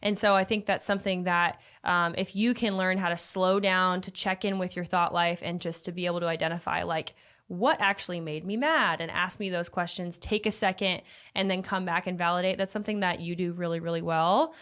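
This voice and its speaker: A young woman talks through relationship advice in a relaxed chat, earnest and talkative, as if coaching a client. Her voice sits a little lower than most women's. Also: a little fast. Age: young adult. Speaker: host.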